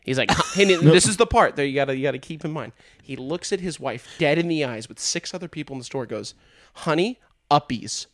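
Pria muda bercerita lucu sambil tertawa. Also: male voice, a little high, fast talker, hardly any pauses, no echo, clean studio sound. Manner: animated storyteller, laughs often. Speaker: podcast co-host. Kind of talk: casual podcast storytelling.

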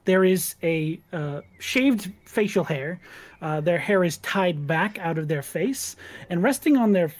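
A woman narrating scenes as game master in a tabletop game, often laughing. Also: measured pace. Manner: descriptive, laughs often, lively pitch.

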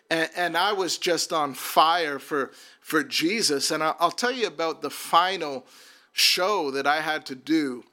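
Bright-voiced man telling his testimony. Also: fairly high pitch. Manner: earnest, repeats words as he restarts. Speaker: minister. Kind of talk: personal testimony storytelling.

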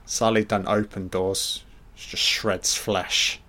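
A man's voice: on the low side, little pitch movement, takes it slowly, bright, forceful tone. A man giving a casual, profane and sarcastic commentary over a film. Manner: profane, sarcastic riffing on the scenes.

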